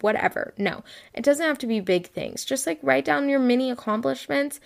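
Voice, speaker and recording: A woman's voice: high-pitched, expressive, normal speed, gravelly. A seventeen-year-old girl hosting a casual solo podcast, rambling and chatty with lots of "like", frank and self-mocking, sounding tired. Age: late teens. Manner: chatty, rambling, heavy use of "like". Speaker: podcast host.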